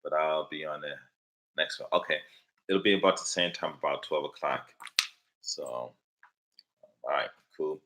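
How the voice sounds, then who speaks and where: A man's voice: extremely low pitch, measured pace, long pauses, pushed and bright, low-quality recording. A middle-aged man, hosting a late-night casual livestream chat, rambling bluntly with many fillers and curse words. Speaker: livestream host answering viewer questions.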